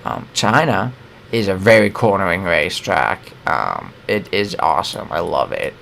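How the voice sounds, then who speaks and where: A young American man chatting casually about motor racing, loose and opinionated, tripping over his words and correcting himself as he goes. His voice sits low and a bit gravelly, with a faint hiss behind it. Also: animated, moderate pace, a bit bright. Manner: rambling and opinionated, with many fillers and self-corrections. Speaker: sports show co-host. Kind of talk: casual sports commentary.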